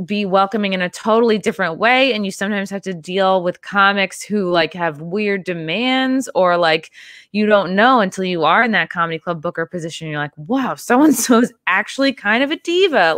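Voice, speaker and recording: A woman's voice: medium pitch, a bit bright, no echo, studio quality. A woman hosting a podcast interview, talking casually with lots of "like" fillers. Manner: chatty, many "like" fillers. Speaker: podcast host.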